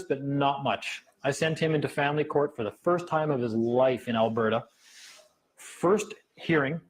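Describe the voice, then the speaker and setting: Man, husky voice, fast and animated, casual storytelling, acts out quotes. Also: mid-range voice, poor audio. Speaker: speaker at a meeting.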